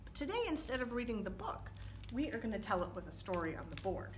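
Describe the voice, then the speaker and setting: A woman reading a story aloud to children as a librarian, animated, often pausing to ask them questions. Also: on the high side, a little hiss or hum.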